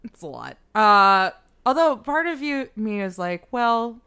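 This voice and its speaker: A woman's voice: medium pitch, big pitch swings, unhurried, pushed and bright, clear, resonant tone. A young woman in casual chat, telling a story with many fillers and frequent laughter. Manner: laughs often, rambling with fillers.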